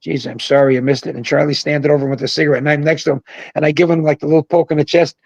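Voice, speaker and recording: An older man spins rambling, animated stories as a guest on a video call, raising his voice whenever he quotes someone. His voice is gravelly and husky, a little high for a man, and sounds dry and close. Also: very fast, no room sound, highs cut off. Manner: rambling, animated storyteller who shouts out quoted lines. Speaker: guest, former pro bowler. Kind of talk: casual storytelling on a livestream. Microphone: video call mic.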